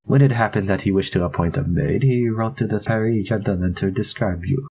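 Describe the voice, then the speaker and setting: A man's voice: fairly low pitch, fairly quick, darkish tone, slightly rough. A man voicing a kindly young French maid in a put-on French accent. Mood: gentle.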